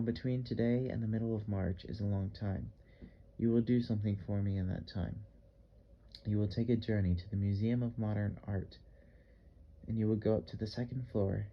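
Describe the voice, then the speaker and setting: A blunt, strong-voiced artist with a vague Russian accent, as a male audiobook reader puts him on. He speaks in insistent, repeated commands, with a low-set voice. The recording sounds dull and slightly lo-fi. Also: fairly even intonation, normal speed, a little hiss or hum, lightly acted. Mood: commanding. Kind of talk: audiobook character reading.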